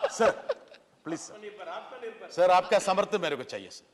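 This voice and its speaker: A man from Kerala gives a forceful, rhetorical speech in a parliament chamber, often pleading "sir". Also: high voice, expressive, rapid-fire. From Kerala, India. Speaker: member of parliament. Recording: reverberant chamber.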